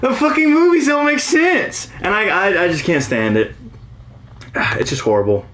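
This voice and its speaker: A man's voice: sits high, wildly swooping pitch, normal speed, fairly bright tone, reverberant, a little hiss or hum. A young man co-hosting a casual podcast, ranting animatedly and swearing freely. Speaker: podcast co-host. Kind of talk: casual chat.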